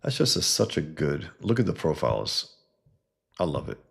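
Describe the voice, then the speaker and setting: A man's voice: extremely low pitch, big pitch swings, moderate pace, vocal fry, fairly bright tone, slightly rough. A man hosting a casual livestream, talking enthusiastically about comic art and reading chat messages aloud, with blunt profane asides.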